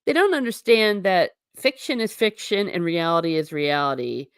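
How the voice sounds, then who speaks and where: A woman hosting a casual livestream, reading out viewer comments and answering them in an animated, sarcastic way with blunt asides. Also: lowish voice, normal speed, clean tone, no echo, clean studio sound. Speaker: host.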